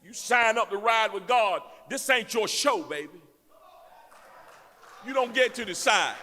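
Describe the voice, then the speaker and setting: A man speaking as a guest in a church, preaching emphatically and rising to shouts in a folksy way. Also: sits high, expressive, unhurried. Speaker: guest speaker, elected official. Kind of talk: fiery preaching. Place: church sanctuary. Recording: long church reverb.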